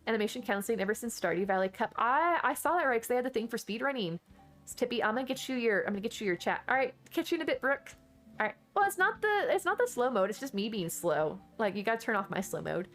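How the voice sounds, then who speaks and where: A woman's voice: a little high, sing-song, fast talker, a bit bright, faint music behind. A woman from Texas, chatting casually with her viewers and answering chat during a game stream.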